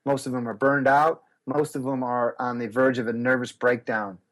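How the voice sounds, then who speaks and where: A middle-aged man telling stories as an interview guest, acting out quotes with big jumps in his voice. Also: moderate pace. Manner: lively, acts out quotes with big pitch jumps. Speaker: guest speaker and business coach. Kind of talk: animated storytelling interview.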